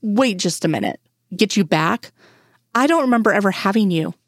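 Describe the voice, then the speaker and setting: A woman's voice: medium pitch, animated, moderate pace, no room sound, lightly acted. A woman voicing a cool, skeptical adult female FBI agent with a dry, teasing, matter-of-fact manner. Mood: indignant.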